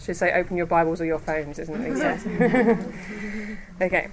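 A woman giving a devotional talk to a women's group, chatty and quick to laugh as she tells personal stories. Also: on the low side, animated, a little hiss or hum. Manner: chatty, laughs often while telling stories. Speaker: women's ministry speaker. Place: room with a gathered group.

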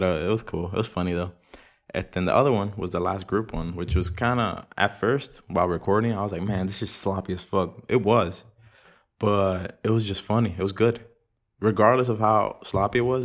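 A man's voice: lowish voice, a little fast. A young man hosting a casual solo podcast, rambling in laid-back, profane slang. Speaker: podcast host. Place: room at home with audible room echo.

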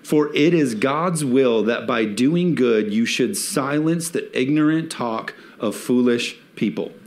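Man, pastor, lively sermon, jokes, acted-out everyday scenes, medium pitch. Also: slow. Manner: lively, joking, acts out little quoted scenes.

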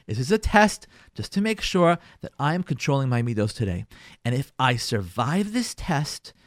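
A man's voice: fairly high pitch, no room sound, clean studio sound. A middle-aged man, a rabbi teaching a Torah class on marriage, acting out everyday scenarios and repeating phrases for emphasis. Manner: animated, acts out everyday scenarios.

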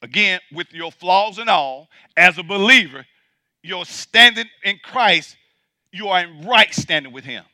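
A man preaches a sermon in a high, very bright voice. He drives his points home with emphatic repetition and shifts between loud declarations and hushed asides. The sound is close and dry. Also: expressive, unhurried, no room sound. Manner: emphatic, repeats points for the congregation. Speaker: pastor.

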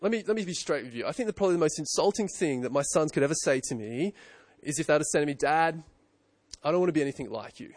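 Pastor, a man in his 30s, preaching casually with repeated questions, slightly high voice, close and dry. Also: lively intonation, fast talker, dry recording. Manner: conversational, self-correcting, rhetorical questions. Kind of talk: sermon.

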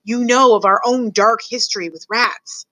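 A woman reading aloud, voicing a stern, commanding male king with slow, booming lines. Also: fairly even intonation, sharp tone, no room sound, low-quality recording.

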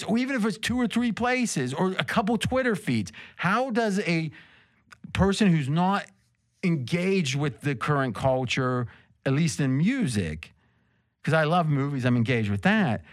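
A man's voice: fairly high pitch, no room sound, studio quality. A man hosting a casual chat show, rambling and joking as he tells stories. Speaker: host.

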